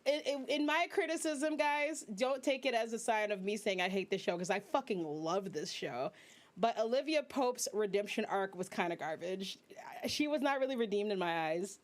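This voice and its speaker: A young woman VTuber host giving casual, profane, animated commentary, exclaiming as she rants. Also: on the high side, a little fast.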